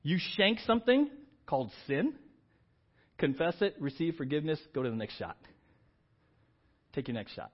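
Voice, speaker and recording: A middle-aged man preaches to his congregation in an animated way, his voice pitched somewhat high and climbing into loud emphatic peaks. The recording is dull and lo-fi, with the muffled sound of church sermon audio. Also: normal speed, long pauses. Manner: animated, rising to emphatic exclamations. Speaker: pastor.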